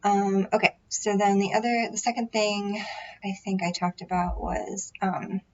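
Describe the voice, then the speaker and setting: A woman's voice: mid-range voice, dull audio, slight background noise. A woman chatting casually to camera about her tarot readings, rambling and self-deprecating, full of fillers and restarts. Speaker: tarot vlogger. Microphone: built-in microphone array.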